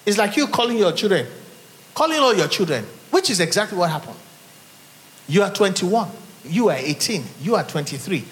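Nigerian male pastor, middle-aged, lively and fairly high voice, rhetorical sermon delivery, long church reverb. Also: moderate pace. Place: church hall.

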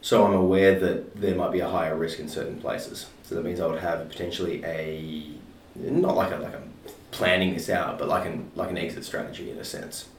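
Low male voice, laid-back podcast chatter, roomy distant mic with faint hiss. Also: little pitch movement, brisk. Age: adult parent of a toddler. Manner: casual, swearing, many fillers. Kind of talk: casual chat.

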